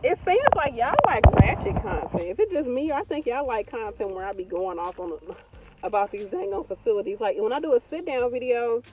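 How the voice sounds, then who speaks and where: A woman in her thirties, a nurse vlogger, talking casually and warmly to her viewers in an animated, slangy way. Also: fairly high pitch, a little fast, phone-quality sound. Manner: chatty, animated, slangy and heartfelt. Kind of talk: casual vlog talk to viewers.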